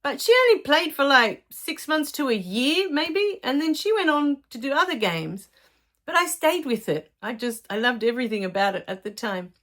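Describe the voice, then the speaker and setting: A woman's voice: high-pitched, sing-song, moderate pace. Chatty woman coach. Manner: chatty, warm storytelling with laughs. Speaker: life coach. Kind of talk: casual monologue to followers.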